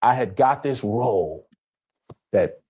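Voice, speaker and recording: A middle-aged man from Los Angeles, a guest actor, telling animated stories on a panel show and slipping into other people's lines. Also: mid-range voice, slow, slightly rough.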